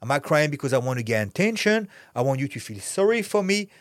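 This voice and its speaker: Brief: French-accented middle-aged man, rapid delivery, slightly high voice, blunt and profane, very dry sound. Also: dry recording. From France. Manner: blunt, profane, animated storytelling. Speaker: guest, actor and fighter. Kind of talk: candid podcast interview talk.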